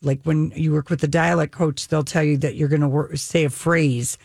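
A man's voice: on the high side, little pitch movement, moderate pace, gravelly, a little mellow, dry recording. Enthusiastic man recapping TV, dry sound. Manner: enthusiastic, recaps with acted quotes. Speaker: podcast co-host. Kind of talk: casual chat.

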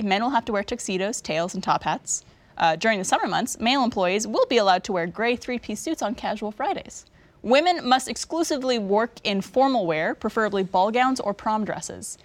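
A woman from Canada hosting a casual chat and reading out game questions, laughing often. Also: medium pitch. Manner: chatty, laughs often, reads questions aloud steadily. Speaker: host.

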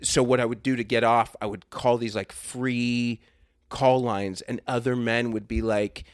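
A man chats as a podcast guest, spinning crude, swear-filled stories that wander and circle back. His voice sits at an ordinary middle pitch, and the sound is close and dry with no room around it. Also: steady tone, unhurried, smooth, dry recording. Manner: crude, profane, rambling storytelling. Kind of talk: casual podcast chat.

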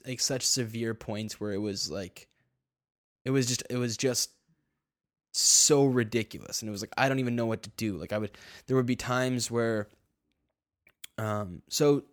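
A young man in casual conversation, telling a personal story in a halting way, full of fillers, restarts and swearing. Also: medium pitch, no echo, clean studio sound. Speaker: guest telling his story.

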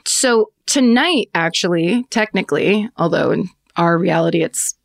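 A woman's voice: fairly low pitch, lively intonation, measured pace, vocal fry, no echo, clean studio sound. A woman co-hosting a podcast from home, chatting casually in a rambling way, often laughing and restarting her sentences. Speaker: podcast co-host. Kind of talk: casual chat.

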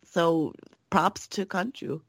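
A woman co-hosting a casual podcast chat, excitable and chatty. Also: on the low side, slow pace, no room sound. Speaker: podcast co-host.

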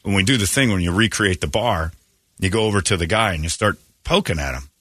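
A man's voice: sits low, fast talker, a bit bright. A man hosting a morning radio show, talking in a crude, joking, rambling way at a studio mic. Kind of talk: casual morning radio chat.

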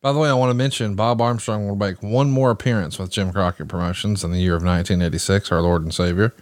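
A man's voice: lowish voice, steady tone, fast talker, no echo. A man in his forties co-hosting a casual chat and reciting facts with enthusiasm. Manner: enthusiastic, fact-listing. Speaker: podcast co-host.

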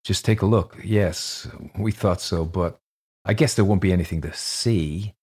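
A man's voice: deep voice, a little slow, darkish tone, slightly rough. Man reading as a quavering frightened old deacon. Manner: quavering, nervous. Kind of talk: audiobook reading.

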